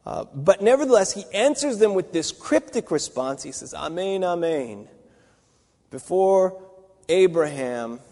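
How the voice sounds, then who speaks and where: A man's voice: on the high side, darkish tone, big-room sound. A man giving a Bible teaching, talking it through conversationally with restarts and asides. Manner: conversational, thinking aloud with fillers and restarts.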